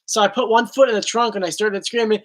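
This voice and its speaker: A man's voice: sits high, steady tone, fast, a bit bright. Goofy man telling playful stories. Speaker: YouTube host. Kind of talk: casual Q&A chat.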